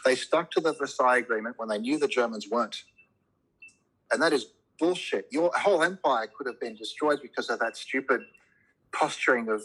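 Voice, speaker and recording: A man's voice: medium pitch, brisk, a bit bright, slightly rough, low-quality recording. A man in casual podcast conversation, rambling with many restarts and swearing freely as he argues his point. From immigrant to a Commonwealth country. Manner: opinionated, rambling, profane, frequent restarts.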